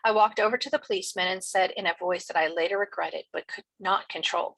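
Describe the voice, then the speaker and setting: Husky woman reading a novel aloud. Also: medium pitch, quick pace, fairly bright tone, rough recording. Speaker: teacher.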